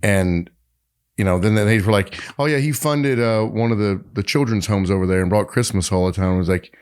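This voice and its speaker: A man's voice: sits low, fairly quick, clean tone. A man co-hosting a podcast, telling stories in casual chat with many fillers and restarts. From Tennessee, United States. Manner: animated storyteller, frequent fillers and restarts. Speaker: podcast co-host.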